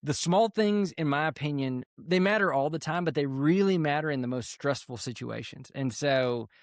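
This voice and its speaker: A man with a gravelly, fry-edged voice recounts his story as a podcast guest, steady and calm, with plenty of "um"s and "like"s. The sound is close and dry, with no room behind him. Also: fairly high pitch, no echo. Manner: calm, unhurried storyteller with fillers. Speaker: podcast guest, army veteran. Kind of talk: casual storytelling interview.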